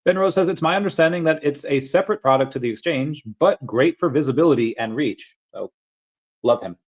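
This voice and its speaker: A man hosting a casual crypto livestream, rambling with many fillers and restarts and chatting with viewers. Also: medium pitch. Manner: rambling, many fillers and restarts, bursts into shouted movie-quote impressions. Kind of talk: casual livestream chat, reading chat comments.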